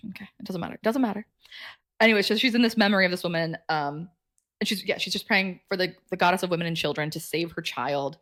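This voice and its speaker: A woman's voice: fairly low pitch, a bit bright. Chatty woman recapping a novel. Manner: chatty recap, acting out characters' lines in quick voices. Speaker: book club podcast co-host. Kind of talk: casual chat retelling a novel's plot.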